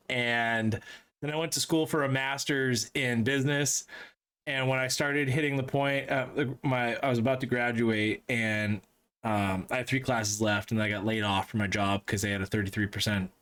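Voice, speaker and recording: A young man hosting a podcast in casual chat, telling stories fast and swearing freely. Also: mid-range voice, a bit bright. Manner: swears often, quick storyteller. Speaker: podcast host.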